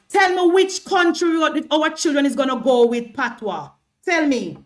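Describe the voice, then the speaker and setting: Heated high-voiced Jamaican woman. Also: moderate pace, fairly bright tone. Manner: argumentative, repeats herself, stammers when worked up. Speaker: livestream political host. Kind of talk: heated livestream commentary.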